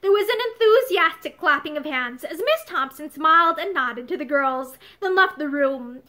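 A woman reading an old novel aloud, seated facing the camera, with an expressive storytelling delivery. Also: high voice, normal speed. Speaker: audiobook narrator. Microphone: camera-facing recording.

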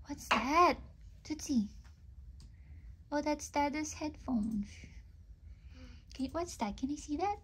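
A woman's voice: sits high, very animated, slow, pauses often, fairly bright tone. A young woman, coaxing her toddler at home in a sing-song voice and slipping into Tagalog phrases. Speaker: mother filming her toddler. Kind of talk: casual family chat.

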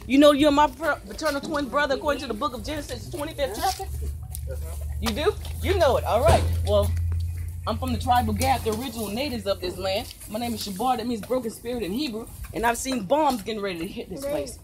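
A woman street preaching with urgency, talking fast and calling out to passersby. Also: on the high side, noisy background. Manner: urgent, rapid-fire, addressing passersby.

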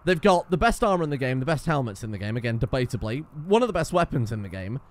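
A man's voice: mid-range voice, sing-song, quick pace. Exasperated man commentating a game. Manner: exasperated, sarcastic, swears often. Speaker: gaming YouTuber. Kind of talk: let's play commentary.

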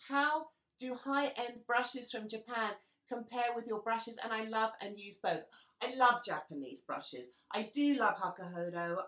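A woman who is a makeup artist and brush maker, talking frankly and passionately to her followers, blunt and quick to swear. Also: mid-range voice, a bit bright. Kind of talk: candid spoken talk to followers. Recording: roomy sound, distant mic.

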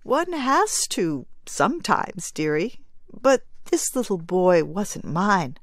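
A woman's voice: medium pitch, very animated, takes it slowly, no echo, clean studio sound. Kindly gray-haired old woman, read by a woman. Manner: kindly, soothing.

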